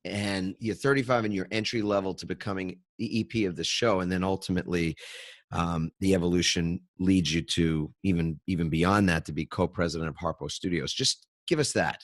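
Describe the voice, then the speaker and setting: A man's voice: deep voice, fairly even intonation, brisk. A man hosting a podcast interview, playful and jokey as he asks questions. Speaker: podcast host. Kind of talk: interview conversation.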